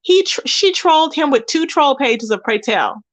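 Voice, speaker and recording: A chatty woman hosts a live stream, gossiping and answering her chat with pet names like baby and child. Her voice sits a little high, and the sound is dry and close, with no room around it. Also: moderate pace, no echo. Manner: animated and chatty, calls viewers "baby" and "child". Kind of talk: casual gossip commentary.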